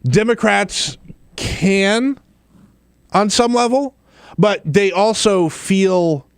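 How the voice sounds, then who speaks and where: A man hosting a call-in radio talk show, animated and easily amused, laughing along with his callers. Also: high-pitched, extremely slow, smooth, dry recording, clean studio sound.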